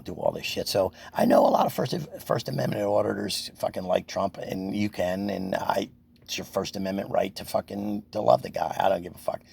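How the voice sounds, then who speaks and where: A man's voice: deep voice, vocal fry, breathy edge. A man delivering an angry, profane, rambling political rant to his viewers, with lots of restarts. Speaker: First Amendment auditor vlogger.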